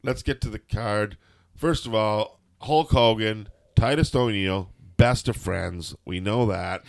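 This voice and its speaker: A man's voice: lowish voice, takes it slowly, gravelly. A man, co-hosting a casual podcast. He rambles through the recap with sarcastic jokes and loose asides. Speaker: podcast co-host. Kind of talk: casual wrestling recap chat.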